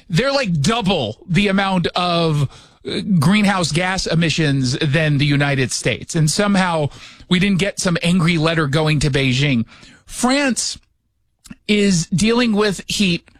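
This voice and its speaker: A man's voice: a little high, lively intonation, measured pace, no room sound. A man hosting a radio show from his studio, chatting casually with sarcastic jokes. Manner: sarcastic, joking asides. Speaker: radio host. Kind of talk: casual opinion chat.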